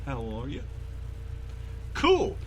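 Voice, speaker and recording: A man's voice: a little high, wildly swooping pitch, very slow, a bit bright, breathy edge. A man co-hosting a casual radio show with his wife, joking around, teasing and breaking into bits of song. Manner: joking, playful, sings bits.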